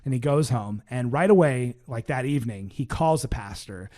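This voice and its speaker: Animated male storyteller acting out voices. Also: medium pitch, moderate pace. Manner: animated, acts out quoted voices, frequent "like" and "right?". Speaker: podcast co-host telling a story. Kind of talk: casual storytelling chat. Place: podcast recording.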